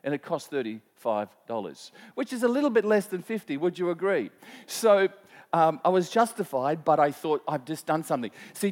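Pastor preaching in an echoing hall. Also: male voice, fairly high pitch, a little mellow. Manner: conversational, many restarts, asks the congregation questions. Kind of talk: sermon with storytelling. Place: church hall. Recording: long reverb of a church hall.

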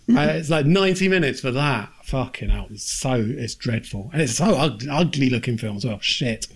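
A man's voice: mid-range voice, expressive, moderate pace, few pauses, breathy edge. A man hosting a podcast, chatting casually, swearing freely and acting out scenes between laughs. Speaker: podcast host. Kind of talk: casual chat.

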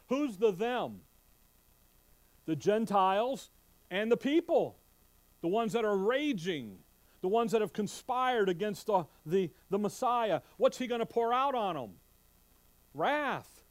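A man preaching an expository Bible sermon, reading scripture aloud and quizzing his listeners with questions. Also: sits high. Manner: animated, quizzing the congregation with questions; reads scripture aloud in King James wording.

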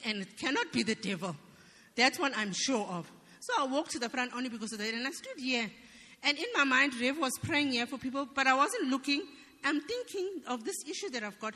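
A woman's voice: on the high side, pushed and bright. A woman in church giving an earnest, emphatic personal testimony. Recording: long reverb of a church hall.

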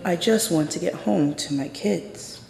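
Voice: medium pitch, measured pace, creaky, a little mellow. A performer voicing a frightened woman police officer who pleads and justifies herself, heard in an echoey hall. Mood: defensive.

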